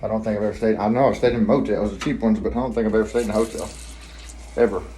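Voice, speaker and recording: A man with a Southern US accent, talking quietly and rambling in a casual vlog from a hotel room. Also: on the low side, steady tone, very fast, slight background noise. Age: adult, family man with kids. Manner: rambling, hushed so neighbors won't hear. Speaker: vlogger, trucking trainee.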